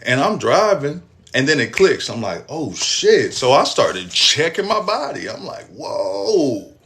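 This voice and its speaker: A young man, telling a personal story in casual, profane, animated style. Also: a little high, normal speed. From Texas, US. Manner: animated, profane storytelling with acted-out quotes and laughs.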